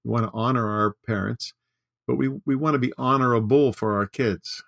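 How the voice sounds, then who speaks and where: An older man with a gravelly, fry-edged voice talks as a podcast guest, earnest and heartfelt. The recording is dry and close, with no room sound. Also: mid-range voice, fairly even intonation, a little fast, no room sound. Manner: warm-hearted, earnest, tearful at times. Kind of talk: casual chat.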